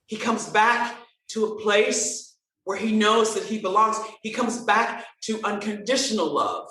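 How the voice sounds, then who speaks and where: A woman guest telling a story in an interview, animated and acting out the dialogue. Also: medium pitch, unhurried, distant mic. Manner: animated, expressive storyteller who acts out dialogue. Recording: roomy sound, from off-mic.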